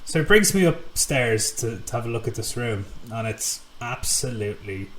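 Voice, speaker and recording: A man's voice: mid-range voice, lively intonation, normal speed, background noise. A man as a podcast guest, telling a story loosely, with swearing and laughter. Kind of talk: casual storytelling. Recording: roomy sound with crowd chatter.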